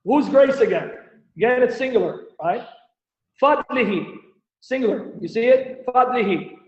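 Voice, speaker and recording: A man with a strikingly high voice, hosting a live teaching stream and pressing his audience with one rhetorical question after another. The sound is dull and lo-fi, with a roomy echo around him. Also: unhurried. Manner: animated, rhetorical questions, presses listeners for answers. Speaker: Christian apologist host. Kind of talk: livestream Bible-Quran debate teaching. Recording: echoey, dull lo-fi stream audio.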